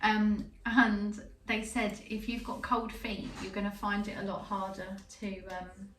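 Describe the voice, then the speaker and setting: A bright-voiced young woman chatting and laughing easily as she hosts a casual podcast. The room rings with echo, she sits a little off the mic, and a faint hiss hangs underneath. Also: mid-range voice, completely flat delivery, measured pace. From Wales. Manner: giggly, chatty, rambling. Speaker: podcast host. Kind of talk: casual chat. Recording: echoey room, mic at a distance, faint noise.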